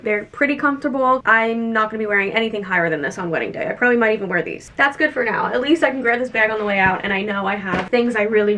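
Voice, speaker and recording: A woman's voice: mid-range voice, fairly bright tone, slight background noise. A young woman vlogger chatting casually as she talks through her makeup routine. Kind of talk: casual vlog chat.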